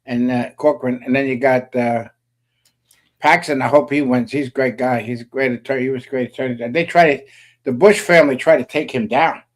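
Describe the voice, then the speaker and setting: A man talking in a loose, meandering way on a casual political chat stream. He fills gaps with "uh" and throws in offhand jokes. His voice sits at an ordinary middle pitch. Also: fairly even intonation, fairly quick. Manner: rambling, many "uh" fillers, joking. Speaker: co-host.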